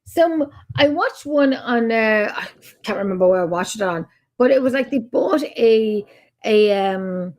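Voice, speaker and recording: A woman's voice: on the high side, animated, measured pace. A woman co-hosting a casual online chat, telling stories in a rambling, exclamatory way over a video call. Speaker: co-host. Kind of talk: casual chat on a live stream.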